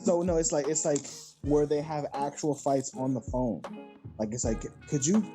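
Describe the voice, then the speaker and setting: A podcast co-host in casual chat, telling lively stories and acting out callers. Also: mid-range voice, normal speed, over music. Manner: animated storyteller acting out callers. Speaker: former call center agent.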